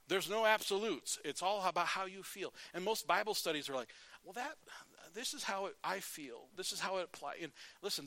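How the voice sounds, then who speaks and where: A man preaching a sermon, retelling a Bible story and acting out its characters in lively, conversational bursts. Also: fairly high pitch, no room sound. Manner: animated, acts out the Bible characters in his retelling.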